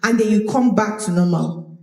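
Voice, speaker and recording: A woman teaching public speaking to a live audience, animated and demonstrative, often repeating her words. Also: medium pitch, normal speed. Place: large room with audience. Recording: roomy echo of a hall.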